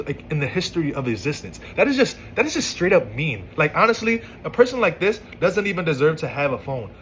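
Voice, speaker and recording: A commentator with a medium-pitched voice casually reads out a couple's text argument and reacts, sounding exasperated and incredulous. He often stumbles and restarts his words, and the audio is poor with slight background noise.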